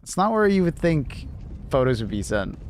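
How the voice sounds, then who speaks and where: A man's voice: a little high, sing-song, moderate pace. Man, livestreamer, casual chat, easygoing, laughs a lot, faint background hum. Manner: chatty, laughs often, talks to chat and his cat.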